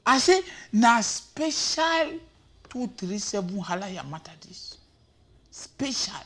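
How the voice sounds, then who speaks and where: A Cameroonian Pidgin-accented man delivers comic commentary in a high, lively voice that jumps all over the place. He talks slowly and sounds bright and sharp, shouting now and then and sliding from one language to another. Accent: Cameroonian Pidgin English. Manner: animated, shouting, switching between languages. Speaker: comedy commentator.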